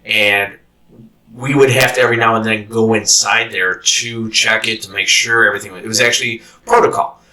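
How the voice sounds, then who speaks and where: Host, man, animated storyteller, sharp bright tone, recorded from a distance. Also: on the low side, brisk. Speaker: host and former corrections officer. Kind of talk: casual storytelling interview.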